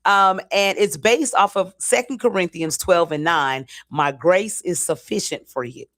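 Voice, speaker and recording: A woman co-hosting a community morning show, chatting casually with enthusiastic, steady storytelling. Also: on the low side, measured pace. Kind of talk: casual chat.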